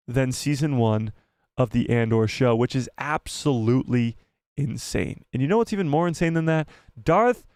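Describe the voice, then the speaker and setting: A man hosting a casual live stream, excitable, swearing and reading the chat aloud. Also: medium pitch, dry recording, studio quality.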